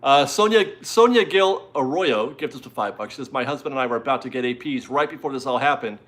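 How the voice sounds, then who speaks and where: A man's voice: medium pitch, animated, fast, fairly bright tone. A man hosting a casual live stream from home, chatty and rambling as he reads out viewer messages and is easily amused.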